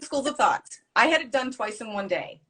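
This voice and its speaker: A woman guest in a casual conversation, telling her story in an animated way and swearing freely. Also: on the high side, normal speed, husky.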